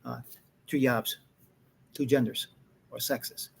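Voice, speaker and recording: A man's voice: mid-range voice, flat delivery, takes it slowly, creaky, darkish tone, slightly rough. A man hosting a show in casual chat, rambling loosely and joking around without a script. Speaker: show host.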